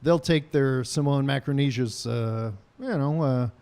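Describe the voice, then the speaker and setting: A man's voice: mid-range voice, measured pace, a little mellow, clean tone. A man hosting a casual podcast, telling a rambling story full of ums and uhs with dry jokes. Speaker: podcast host.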